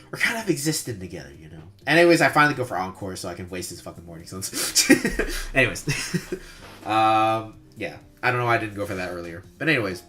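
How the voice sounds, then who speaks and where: Male gamer, low and bright-toned, relaxed rambling play-by-play with frequent chuckles and casual swearing, faint music underneath. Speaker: competitive player reviewing his own match replay. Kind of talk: casual gameplay commentary.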